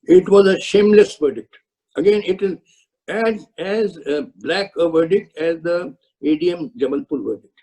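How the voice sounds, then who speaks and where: Casting note: older retired judge, firm and lecturing, high voice with a dark husky tone. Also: male voice, moderate pace, rough recording. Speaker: retired Supreme Court judge speaking to law students. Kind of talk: webinar answers to student questions. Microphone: video call.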